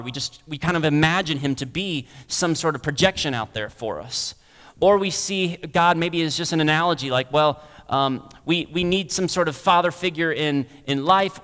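Man preaching in a reverberant hall. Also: fairly high pitch. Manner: swells loud then drops to a hush. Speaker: pastor. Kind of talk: sermon.

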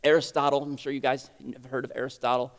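Brief: male pastor, sermon, conversational and earnest, loud-to-quiet swings, medium pitch, long reverb of a church hall. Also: level tone, fast talker. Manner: conversational teaching with rhetorical questions; earnest, shifting between loud emphasis and quiet lows. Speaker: preacher.

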